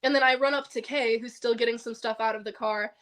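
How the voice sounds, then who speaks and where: A woman guest on a podcast, telling a personal story in an animated way, with lots of "like" and frequent laughter. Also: a little high, quick pace. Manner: animated, heavy use of "like", laughs often.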